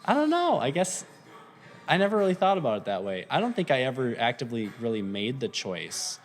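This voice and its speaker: A man's voice: mid-range voice, brisk. A man in his thirties with a faint Minnesota accent, chatting casually as a podcast guest and rambling with lots of ums. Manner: relaxed, rambling, many fillers. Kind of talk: casual interview chat.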